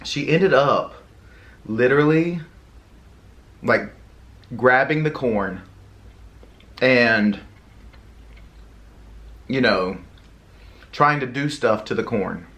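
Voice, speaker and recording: A young man with a Southern drawl, chatting to his viewers in a loose, meandering way. His voice sits at an ordinary middle pitch, and he keeps circling back with "like" and half-finished phrases. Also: expressive, very slow, long pauses, fairly bright tone. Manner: rambling, many fillers and restarts. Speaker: mukbang vlogger. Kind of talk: casual storytelling.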